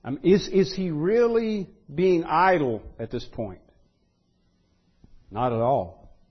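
Earnest husky male preacher. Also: on the high side, lively intonation, takes it slowly, highs cut off. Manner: earnest preaching, rising to loud pleading quotes. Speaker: pastor. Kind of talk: sermon.

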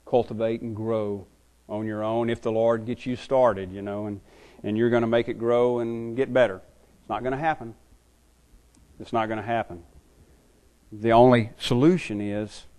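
A man's voice: mid-range voice, a little mellow. A man preaching a sermon as a pastor, earnest and often repeating words as he builds his points.

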